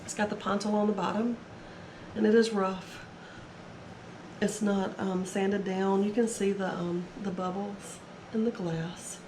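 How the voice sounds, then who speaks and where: A woman's voice: medium pitch, little pitch movement, measured pace, a little mellow, slight background noise. A woman casually talking through her resale haul, chatty and rambling, her voice a little strained from being sick. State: recovering from illness, voice strained. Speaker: reseller vlogger. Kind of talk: casual haul video talk. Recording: echoey room, faint ambience.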